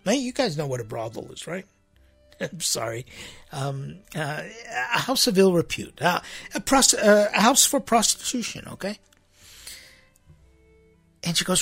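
A man serving as a church priest delivers a sermon in an easy, conversational way, circling back and repeating himself. His voice is gravelly and husky. Faint music is heard in the background. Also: high-pitched, animated, normal speed, fairly bright tone. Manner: rambling, repeats himself, rhetorical "right?" asides.

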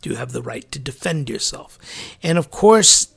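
A man, a church clergyman, giving a reflective sermon-like talk, musing aloud with animated emphasis and laughing at his own slips. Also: medium pitch, normal speed, creaky, husky.

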